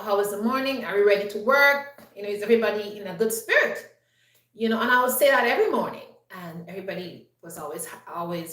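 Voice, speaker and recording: A woman's voice: mid-range voice, fairly bright tone. Woman, casual storytelling, upbeat, chatty, echoey room, distant mic. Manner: chatty, upbeat, lots of "you know". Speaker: vlogger telling a personal story. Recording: roomy echo, voice set back from the mic.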